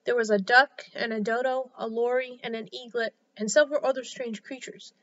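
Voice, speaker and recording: A woman storyteller reading a children's story aloud in a clear, expressive way. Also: a little high, brisk. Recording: slightly dull lo-fi sound.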